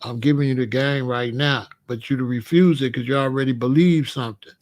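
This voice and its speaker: A man's voice: mid-range voice, fairly even intonation, a little fast. A man hosting a livestream, lecturing viewers in chat in a preachy, repetitive way. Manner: preachy, lecturing, repeats phrases. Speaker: host.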